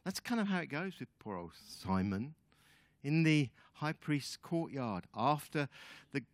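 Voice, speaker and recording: A man as guest speaker giving a sermon, telling the story in an animated way with chatty asides to the audience. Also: on the high side, a little slow, dry recording.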